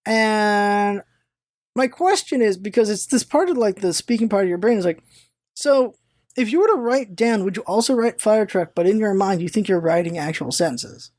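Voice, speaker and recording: Casual vlog talk, animated storyteller, stammering restarts, mid pitch, dry sound. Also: normal speed, no room sound. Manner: animated storyteller, swears, retells own thoughts aloud; restarts and stammers when excited. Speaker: vlogger. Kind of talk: casual rambling vlog chat.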